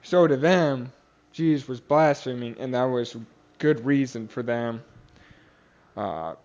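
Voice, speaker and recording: A young man at a middle pitch retells scripture in a loose, casual way, stopping for fillers and restarting phrases. He speaks the characters' lines aloud as he goes. The recording sounds a little dull and lo-fi. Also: a little mellow. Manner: casual, many fillers and restarts, acts out quotes. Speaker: podcast host. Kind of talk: casual Bible study retelling.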